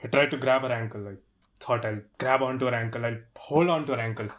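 A young man plays a shaken man who tells what happened in a tense, halting way. His voice sits at a middle pitch. It comes from a student stage drama. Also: natural voice. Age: young adult.

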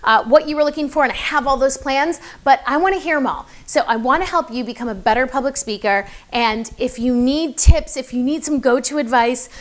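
A woman's voice: high voice, a little fast, few pauses. Chatty woman coaching public speaking. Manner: chatty, encouraging, many fillers. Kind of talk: casual advice video to camera.

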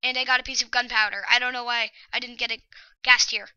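A woman giving excitable, anxious gameplay commentary, often dropping to a whisper. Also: fairly high pitch, fast, clear, resonant tone, no room sound, dull audio. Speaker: let's play host.

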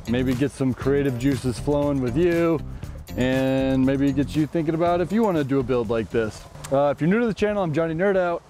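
Chatty, joking man with a mellow voice. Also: medium pitch. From Chicago. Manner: joking, chatty, playful asides. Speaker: e-bike builder and channel host. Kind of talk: casual product walkthrough vlog.

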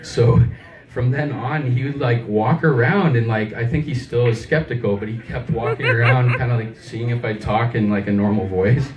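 Rambling comic in an echoey club. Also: male voice, mid-range voice, moderate pace, dull audio, a loud crowd. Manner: rambling, self-deprecating, chuckling. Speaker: stand-up comedian. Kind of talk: open mic stand-up set. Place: small comedy club stage. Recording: echoey club, mic far off.

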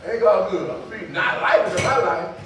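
High-voiced older preacher in echoey hall. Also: male voice, brisk, distant mic, slight background noise. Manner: folksy call-and-response preaching, breaking into shouts. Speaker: pastor. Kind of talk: sermon.

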